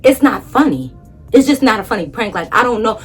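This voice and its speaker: A woman vlogger telling a story in a casual, animated, blunt way, swearing freely. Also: fairly high pitch, fairly quick, husky, faint music behind.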